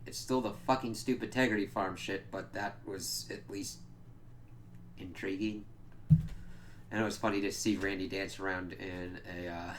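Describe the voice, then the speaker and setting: Casting note: low-voiced guy ranting through a TV episode review, foul-mouthed and fed up, faint hiss behind. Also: a bit bright. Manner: profane, exasperated, mock-quotes characters. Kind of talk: casual spoken episode review.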